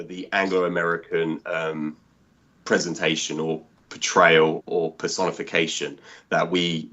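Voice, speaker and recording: A low-voiced man on a dull line. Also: bright, forceful tone. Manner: rambling, with frequent fillers and restarts, earnest. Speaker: podcast co-host. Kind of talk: casual panel chat. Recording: dull lo-fi audio.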